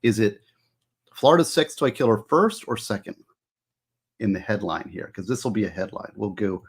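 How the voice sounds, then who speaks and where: A man's voice: fairly low pitch, expressive, moderate pace, slightly rough. A man hosting a casual livestream as an author, musing aloud and asking viewers for their opinions.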